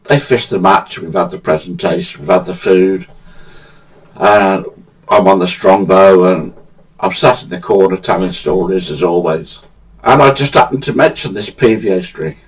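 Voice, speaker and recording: A man's voice: low voice, moderate pace, husky, poor audio. An older man from England, telling funny true anecdotes in a chatty, casual way and laughing at his own stories. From England, Badsey. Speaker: storyteller.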